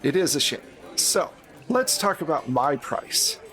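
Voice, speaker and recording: Man doing a sly older woman, 72, haggles, unhurried and measured. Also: a little high, very animated, fairly bright tone, faint music behind. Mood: shrewd. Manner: wry, world-weary, haggling. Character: shrewd older woman, seventy-two.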